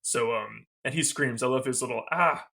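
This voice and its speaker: Bright-voiced chatty male podcast host. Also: medium pitch, fairly even intonation, brisk, vocal fry. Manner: chatty retelling, quoting lines, laughing often. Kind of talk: casual movie recap.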